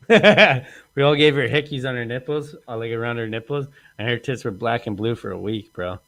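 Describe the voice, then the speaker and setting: At normal speed and medium pitch, his voice has a fairly bright tone. The podcast host tells crude stories in a loose, rambling way, frequently laughing and acting out people's words.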